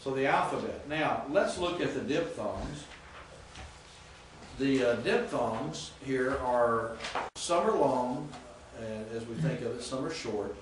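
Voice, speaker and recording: Man lecturing in an echoey classroom. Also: mid-range voice. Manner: patient, methodical, repeats pronunciations slowly. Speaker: Greek professor. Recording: echoey classroom from far off with faint noise.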